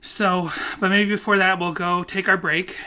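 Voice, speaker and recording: A man's voice: high voice, flat delivery, moderate pace, pushed and bright. A man co-hosting a podcast, talking with passion and swearing freely in a long casual monologue. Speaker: podcast co-host.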